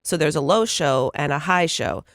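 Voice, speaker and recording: Woman co-host on morning radio, calm and matter of fact, dry close mic. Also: sits low, moderate pace, no echo. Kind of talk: casual on-air banter. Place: radio studio. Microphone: studio microphone.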